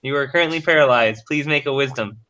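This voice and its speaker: A man running a tabletop game as game master, unhurried and laughing often. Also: medium pitch, sharp tone, dull audio, slight background noise.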